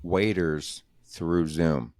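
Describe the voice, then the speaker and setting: A man's voice: low voice, steady tone, very slow, a little mellow, dry recording, studio quality. A man hosting a comedy podcast, talking crudely and rambling in casual chat. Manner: crude, rambling, does mocking voices. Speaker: podcast host.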